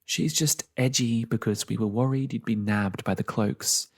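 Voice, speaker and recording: A man's voice: medium pitch, moderate pace, lightly acted. A man voicing a friendly young woman in a fantasy story reading, speaking chirpily and affectionately, well above his own voice.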